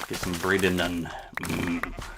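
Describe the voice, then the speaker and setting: A man's voice: low-pitched, monotone, slow, very noisy. A man from the Yukon chatting casually while streaming a game, reading chat aloud and making playful asides. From Yukon, Canada. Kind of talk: casual gameplay commentary.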